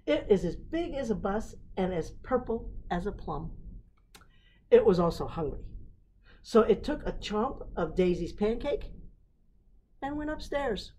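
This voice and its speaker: A woman reads a picture book aloud for children at a library storytime, slow and expressive. Her pitch rises and falls a lot, and she stops to put questions to the listeners. A faint hiss sits under the recording.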